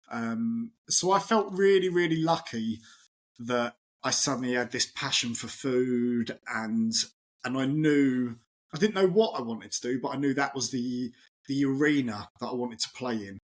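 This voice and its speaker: A middle-aged man, a chef and podcast guest, telling stories in casual chat, lively and acting out quotes, with many restarts. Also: medium pitch, measured pace.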